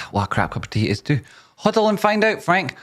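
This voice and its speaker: A man's voice: high-pitched, sing-song, brisk, a bit bright. A man hosting a casual live stream, joking and teasing as he reads viewer comments aloud and hypes up a guess-the-tune game.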